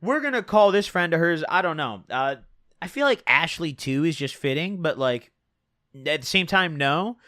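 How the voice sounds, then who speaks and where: A man's voice: on the high side, animated, moderate pace, bright, forceful tone, dry recording, clean studio sound. A young man telling a rambling, slangy storytime tale to camera, full of fillers and asides. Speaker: storytelling vlogger. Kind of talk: casual storytime monologue.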